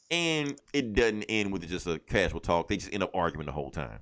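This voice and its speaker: A man with a fairly low voice retells a comic book story, full of energy. He slips in and out of the characters' lines and swears freely as he goes, in a loose, casual podcast chat. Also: moderate pace. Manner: animated retelling, acting out characters' lines, heavy cursing. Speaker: podcast co-host.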